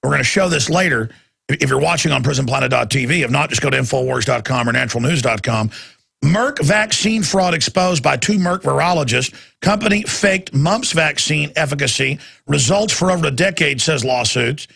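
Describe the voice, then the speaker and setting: Man, talk radio monologue, husky, fairly high voice, impassioned ranting. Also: expressive, normal speed, a bit bright. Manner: impassioned, ranting, repeats words.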